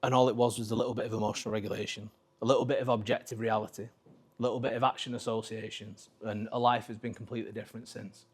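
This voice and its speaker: A man's voice: on the low side, level tone, quick pace, slightly rough. A man coaching at a live talk, speaking bluntly and swearing freely while he acts out conversations. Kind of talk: live presentation to an audience. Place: talk venue with a screen.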